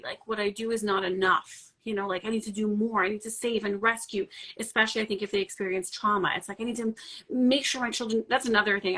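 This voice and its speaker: A woman speaking thoughtfully and gently in a casual live conversation about parents and trauma, circling back as she talks. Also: medium pitch, breathy edge. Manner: thoughtful, gentle, rambling with restarts.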